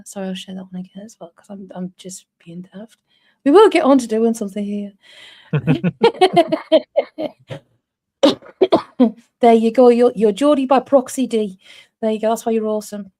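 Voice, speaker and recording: A woman's voice: medium pitch, dark tone. A woman in her forties from North East England, chatting casually with viewers and laughing often on a live stream. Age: 40s. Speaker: livestream co-host. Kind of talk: casual livestream chat with viewers.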